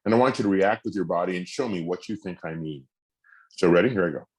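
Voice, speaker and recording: A man's voice: low voice, fast talker, darkish tone. A middle-aged man giving a masterclass talk as a mental fitness coach, earnest, acting out spoken phrases with shifting inflection.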